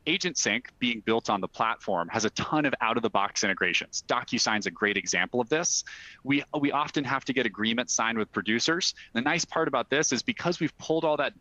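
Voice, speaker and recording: Man, software demo presenter, bright tense tone, dry close sound, salesy, filler words. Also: mid-range voice, animated, no room sound, low-quality recording. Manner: brisk, salesy walkthrough with frequent fillers. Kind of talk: webinar product demo.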